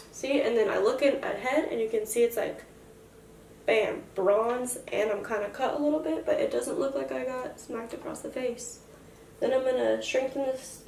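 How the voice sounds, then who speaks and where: A woman's voice: fairly high pitch, moderate pace, gravelly, a little mellow, distant mic, slight background noise. A young woman in a casual makeup tutorial, chatty and self-joking as she explains each step. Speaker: makeup vlogger. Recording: roomy echo, voice from afar.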